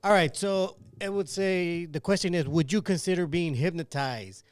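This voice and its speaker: Man, fairly high voice, brisk, matter-of-fact, dry sound. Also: dry recording. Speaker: podcast producer reading poll results. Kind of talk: casual podcast chat.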